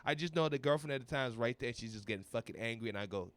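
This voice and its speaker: A man in his thirties, a comedian guest on a podcast, telling a wild party story in casual chat, swearing freely and acting out other people's lines in a raised voice. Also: rapid-fire. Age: 30s. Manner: animated, swearing, acts out quotes in a high voice.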